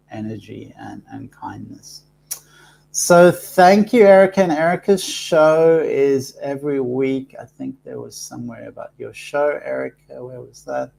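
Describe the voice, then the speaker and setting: Slow, gravelly-voiced man reading cards. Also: mid-range voice. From Africa. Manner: slow, halting, soft-spoken with many fillers. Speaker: host reading cards for live viewers. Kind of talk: live-stream card reading.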